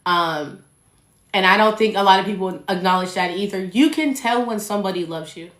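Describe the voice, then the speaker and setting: A young woman hosts a solo podcast in a blunt, animated voice and swears freely. She talks straight to her listeners. Her voice rings a little in an echoey room. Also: medium pitch, brisk. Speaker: podcast host. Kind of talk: casual solo podcast monologue.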